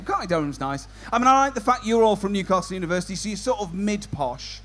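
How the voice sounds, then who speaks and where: A man's voice: high voice, lively intonation, quick pace, few pauses, a bit bright. A man compering a stand-up comedy show, doing cheeky banter with the audience. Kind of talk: crowd work stand-up.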